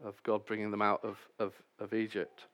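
Man, preacher, sermon, low voice, wry self-deprecating humour. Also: completely flat delivery, normal speed, a bit bright. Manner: reads scripture then preaches with self-deprecating asides.

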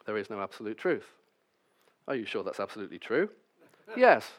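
A man's voice: on the low side, very animated, moderate pace. A man preaching a sermon, reading scripture passages and then explaining them with wry, self-deprecating asides.

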